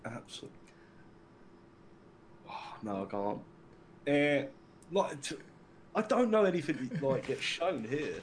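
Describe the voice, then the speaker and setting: A man's voice: fairly high pitch, very animated, measured pace, pauses often, slight background noise. A young man with an English accent chatting casually, rambling and filling his talk with "like" and the odd swear word. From England. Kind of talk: casual chat.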